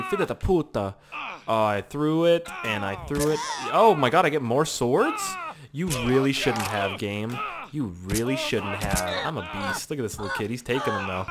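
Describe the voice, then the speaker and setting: A young man giving excitable, profane let's play commentary, humming little tunes as he plays. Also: mid-range voice, moderate pace, a crowd in the background. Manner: excitable, swears a lot, hums little tunes. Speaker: gaming channel host.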